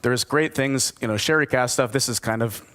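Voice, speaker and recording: A man's voice: medium pitch, moderate pace, a bit bright. A man giving a conversational conference presentation, enthusiastic and asking his audience questions. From United States. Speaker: distillery speaker at a whisky forum.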